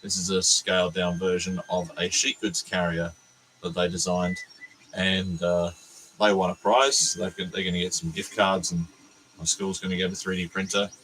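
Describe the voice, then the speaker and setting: An Australian man, a teacher, chatting casually on a livestream from his workbench, hoarse and sick with a cold, rambling and self-deprecating. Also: low voice, level tone, normal speed, fairly bright tone, slight background noise, poor audio.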